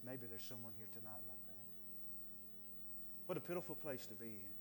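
A man preaching a sermon to his congregation with great passion, swinging from raised declarations to hushed, pleading tones. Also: mid-range voice, lively intonation, a little fast, big-room sound, background noise. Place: church sanctuary.

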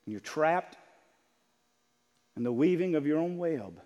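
A man preaching a sermon, moving from quiet talk to shouted passages and acting out what people say. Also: expressive, unhurried, in a large hall, highs cut off. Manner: builds from low talk to shouted preaching, acts out quotes.

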